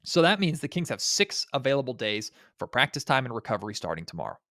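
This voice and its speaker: A man's voice: medium pitch, big pitch swings, quick pace, bright, forceful tone, dry recording, clean studio sound. A man with a nasal, stuffed-up voice from a cold, hosting a solo sports podcast in a chatty way, thinking aloud and asking listeners rhetorical questions. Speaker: podcast host.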